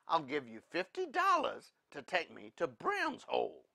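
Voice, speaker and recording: A man voicing a frontier rancher who speaks gently in a drawl. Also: fairly high pitch, huge pitch swings, unhurried, gravelly, pitched above the performer's own voice, heavily acted. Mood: calm.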